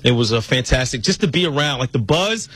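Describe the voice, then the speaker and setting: A man who produces a sports radio show, talking excitedly and rambling. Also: medium pitch, a little fast, slightly rough, dry recording. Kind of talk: sports talk radio chat.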